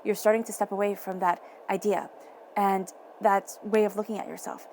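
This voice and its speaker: A woman giving a tarot reading from home, her voice gravelly with a touch of fry at mid pitch. She speaks softly and encouragingly and repeats phrases for emphasis. A faint hiss sits behind her. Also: little pitch movement, moderate pace. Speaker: tarot reader.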